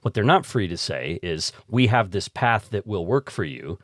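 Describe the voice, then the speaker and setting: A man hosting a podcast, conversational and quick to laugh as he puts questions to his guest. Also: fairly low pitch, dry recording, clean studio sound. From United States. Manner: conversational, animated, laughs easily. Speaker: podcast host. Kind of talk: casual interview talk.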